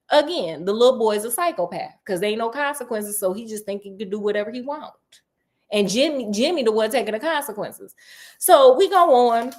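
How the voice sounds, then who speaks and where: A woman casually retelling a children's book, chatty and animated with slangy, playful asides. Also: a little high, a little fast. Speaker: storyteller.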